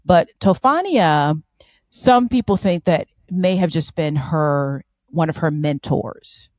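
Playful lady podcast cohost, lowish voice, dry close mic, casual storytelling. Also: takes it slowly, no echo. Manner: animated, playful, fond of silly voices. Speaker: podcast co-host.

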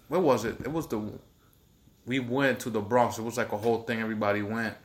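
Young male co-host, casual, rambles and restarts, gets animated telling old stories. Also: medium pitch, fairly quick. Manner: rambling, repeats words, animated when reminiscing. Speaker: podcast co-host. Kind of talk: casual chat.

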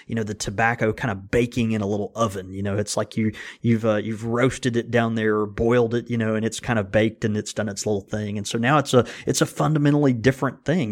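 A man's voice: on the low side, fairly even intonation, brisk, hardly any pauses. A man co-hosting a podcast, explaining things in a casual, rambling way with many restarts. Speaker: podcast co-host, pipe tobacco blender. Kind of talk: casual chat.

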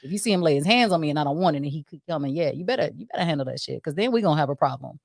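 A woman co-hosting a casual chat, telling a story in an animated, profane way and acting out what people said. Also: sits low, very fast, vocal fry, dry recording, clean studio sound. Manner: animated, profane, acts out quotes. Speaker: co-host.

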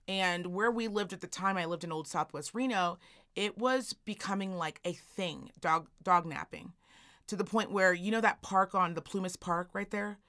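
A woman telling a story on a casual podcast. Her voice is fairly low for a woman, and it rises and falls as she acts out the people in her tale. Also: moderate pace, pushed and bright. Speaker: podcast co-host.

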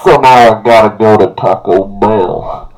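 A man's voice: fairly low pitch, measured pace, darkish tone, slight background noise, natural voice, poor audio. A man playing a rambling, folksy older diabetic man who keeps laughing at his own bit.

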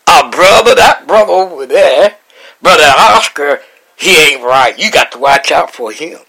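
A man voicing a nosy, gossiping church lady who talks in a hushed, confiding way. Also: fairly high pitch, expressive, unhurried, creaky, slightly rough, exaggerated voice. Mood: gossipy.

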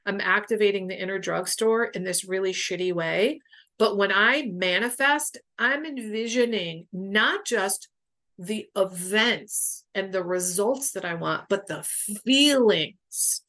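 A middle-aged woman talking as a podcast guest in a casual storytelling way. She is candid and expressive, swears without a second thought and fills her sentences with "like". Her pitch sits right in the middle for a woman. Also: a little slow. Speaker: boundaries coach, podcast guest.

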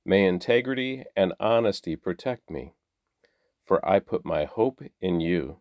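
A man reading the daily Bible passages aloud in a measured, steady way. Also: low voice, dry recording. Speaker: Bible reader.

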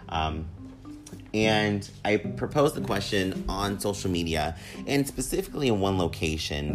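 A man hosting his own podcast in an upbeat, rambling, repetitive way, with a slightly whiny voice. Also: sits low. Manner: upbeat, rambling, repeats himself with fillers. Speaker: podcast host. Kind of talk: casual solo podcast monologue. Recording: music playing under the voice. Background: guitar music.

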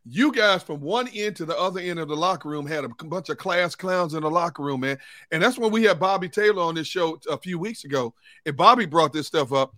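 A man's voice: on the high side, animated, brisk, bright, forceful tone, dry recording, studio quality. A man hosting a sports talk show, telling locker-room stories and laughing through them. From United States. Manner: storytelling, laughing through anecdotes.

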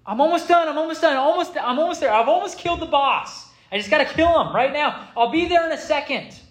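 A man's voice: extremely high pitch, lively intonation, fairly quick, a bit bright, roomy sound, voice pushed up. A man voicing a whiny teenage boy who keeps stalling his mom to finish a video game level.

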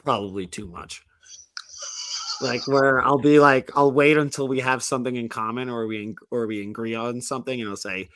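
A man's voice: mid-range voice, normal speed, a bit bright, dry recording. A man co-hosting a podcast, telling a long story in a casual, rambling way with lots of "like" and restarts. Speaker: podcast co-host.

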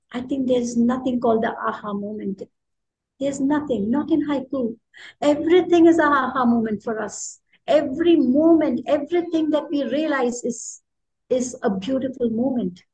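A woman with an Indian accent teaches a workshop in a high, warm, mellow voice. She speaks expressively and with emphasis, stressing her points by repeating words. She sounds middle-aged. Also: low-quality recording. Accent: Indian English. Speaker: poet leading a workshop.

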